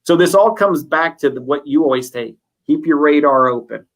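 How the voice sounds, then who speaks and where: A man co-hosting a sales webinar, talking through anecdotes in a relaxed, conversational way. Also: a little high, normal speed. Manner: conversational, recounts anecdotes with fillers. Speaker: webinar co-host. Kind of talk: casual webinar chat.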